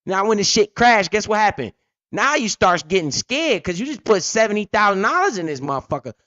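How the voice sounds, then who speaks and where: A man's voice: high voice, big pitch swings, a little fast, bright, forceful tone, no echo. A man hosting a crypto channel, giving blunt, profane, joking market commentary off the cuff. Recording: dull lo-fi dry audio.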